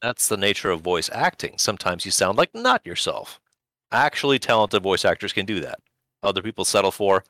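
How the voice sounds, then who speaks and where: A man's voice: lowish voice, sing-song, fairly quick, pushed and bright, no room sound. A man co-hosting a casual podcast, making dry, wry remarks. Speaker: podcast co-host. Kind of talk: casual chat.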